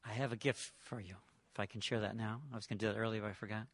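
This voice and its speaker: A man preaching a sermon, retelling a parable with dramatic swings between loud and hushed delivery. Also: fairly low pitch, flat delivery, very fast.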